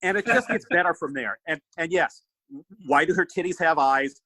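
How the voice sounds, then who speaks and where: A man hosting a podcast, riffing on a movie in an animated, swearing, casual chat. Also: fairly high pitch, moderate pace, no echo, rough recording. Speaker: podcast host.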